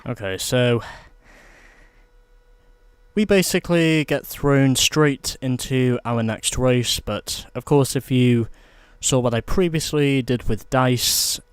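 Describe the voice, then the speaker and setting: A man's voice: medium pitch, takes it slowly, clear, resonant tone, dry recording. A man talking through his video game playthrough in a chatty, explaining way. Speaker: let's play host. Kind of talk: gameplay commentary.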